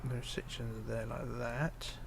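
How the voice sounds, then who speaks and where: A man talks through a live stream in a gravelly, mid-pitched voice. He reads viewer comments aloud and mutters to himself as he works, with a lot of hesitant fillers. A faint hum of room noise sits behind him. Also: flat delivery, slow. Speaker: livestreamer. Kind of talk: casual live stream chat while building.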